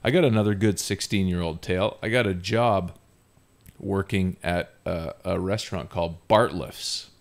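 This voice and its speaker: Low-voiced man telling a story. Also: moderate pace. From Ontario, Canada. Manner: animated, self-mocking, laughs often while telling. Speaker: podcast host. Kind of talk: casual storytelling.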